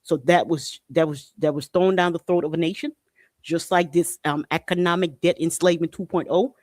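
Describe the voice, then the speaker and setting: A man with a somewhat high voice talks through news articles on his podcast. He is blunt and indignant, curses freely and circles back to the same point again and again. The sound is close and dry. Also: steady tone, a little fast, darkish tone, no room sound. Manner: blunt and indignant, swears, repeats himself. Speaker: podcast host. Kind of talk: casual commentary on news articles.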